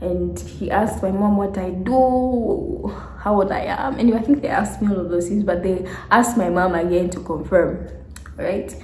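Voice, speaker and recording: A woman in her twenties telling a story to camera in a vlog, animated, acting out the people she quotes and laughing often. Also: medium pitch, normal speed, roomy sound, slight background noise. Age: 20s. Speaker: vlogger.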